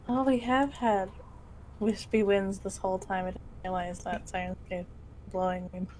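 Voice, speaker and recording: Woman player on a voice call, playful quick comments, mid pitch. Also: little pitch movement, darkish tone, slight background noise, rough recording. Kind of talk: casual chat at a game table. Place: online voice call.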